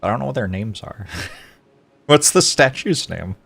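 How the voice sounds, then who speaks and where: A man on a livestream, chatting casually with viewers and greeting them one by one, with sudden loud mock-outraged outbursts. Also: fairly low pitch, animated, measured pace, creaky, husky. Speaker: streamer.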